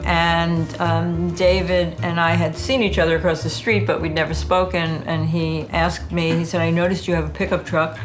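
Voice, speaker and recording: A woman interviewed for a documentary, recounting a past meeting in a plain, steady way. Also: fairly low pitch.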